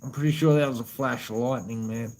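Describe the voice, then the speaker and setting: A man's voice: mid-range voice, fairly even intonation, a little fast, darkish tone, poor audio. An Australian man chatting casually on a live stream, rambling, swearing heavily and calling viewers man and brother.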